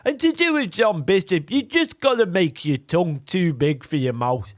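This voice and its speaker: Animated high-voiced man chatting about impressions. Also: normal speed, hardly any pauses, no room sound, clean studio sound. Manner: animated, jumps between voices. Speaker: impressionist comedian guest. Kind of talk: casual radio interview chat.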